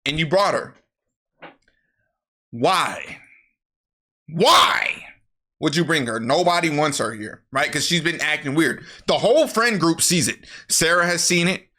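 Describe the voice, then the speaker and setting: A man telling a movie recap straight off the top of his head, tired after work, rambling and swearing, often doubling back to fix the order. His voice is bright and a touch high for a man. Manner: rambling, profane, self-correcting. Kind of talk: casual storytelling recap.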